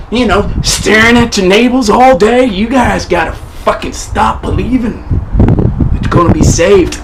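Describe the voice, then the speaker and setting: A man delivering a profane, manic improvised comedy rant to the camera, often shouting. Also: high-pitched, gravelly, slight background noise, rough recording. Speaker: performer of an improvised comedy monologue.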